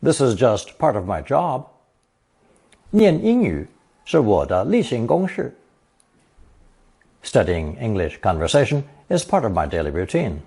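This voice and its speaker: A man narrating a scripted language lesson, reading example sentences slowly and then translating each one. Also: medium pitch, mellow, husky. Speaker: language teacher.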